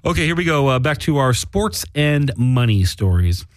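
Male podcast co-host, mid-pitch voice, casual joking banter, dry close mic. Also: very animated, normal speed, no echo. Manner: joking, loose, swearing. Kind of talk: casual chat.

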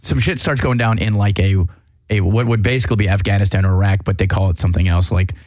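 A man's voice: lowish voice, steady tone, fast, a little mellow, dry recording, studio quality. A man hosting a casual chat, rambling through a movie plot with profanity, fillers and restarts.

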